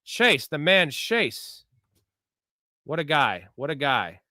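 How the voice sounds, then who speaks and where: A young man hosts a live sports betting stream in loose, swearing bro talk. His voice is bright and forceful, sitting a little high for a man. The sound is dry and close. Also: sing-song, slow, dry recording. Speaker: host of a live sports betting and fantasy show. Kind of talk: casual livestream chat answering viewer questions.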